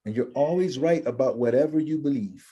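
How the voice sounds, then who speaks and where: A man telling his story in an interview, talking in an animated motivational way and acting out the voices of people he quotes. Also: medium pitch, fairly quick, lo-fi sound. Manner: acts out quoted voices, lively and emphatic. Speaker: interview guest, empowerment coach.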